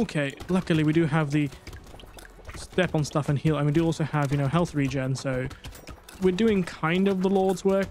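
A tired man commenting on his gameplay, English not his first language, rambling and self-mocking. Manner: excitable, rambling, self-mocking, jumps to high squeaks when panicking. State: tired late at night. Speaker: gaming YouTuber.

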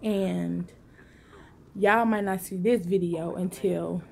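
A woman's voice: lowish voice, fairly even intonation, slow, vocal fry, darkish tone. A woman talking casually and emotionally to her vlog viewers, rambling in slangy speech from a car. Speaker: vlogger.

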